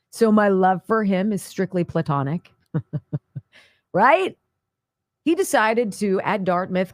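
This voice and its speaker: Sarcastic slow-talking woman radio host. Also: medium pitch, no room sound. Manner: sarcastic, emphatic, animated. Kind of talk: talk radio commentary.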